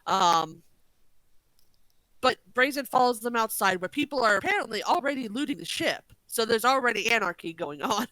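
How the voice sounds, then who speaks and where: A woman's voice: a little high, expressive, moderate pace, pushed and bright, no echo, low-quality recording. A woman co-hosting a podcast in casual chat, correcting details and swearing now and then. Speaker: podcast co-host.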